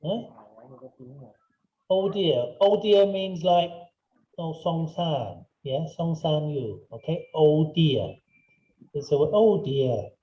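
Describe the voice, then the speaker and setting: A man's voice: on the high side, lively intonation, slow pace, long pauses, mellow, muffled recording. A man teaching English in an online class, patient and repetitive, checking often that students follow. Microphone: video call.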